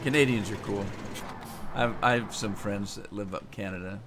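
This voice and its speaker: A man's voice: fairly low pitch, moderate pace. An American man live-streaming a farming game, thinking aloud as he plays and answering his viewers' chat. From United States. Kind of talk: live gameplay commentary. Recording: game vehicle engine noise behind.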